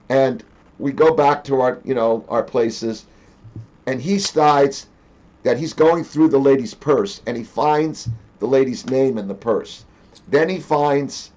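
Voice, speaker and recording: Man telling stories, slightly muffled audio. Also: mid-range voice. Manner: animated, acts out quoted dialogue. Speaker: interview host. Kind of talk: casual storytelling in an interview.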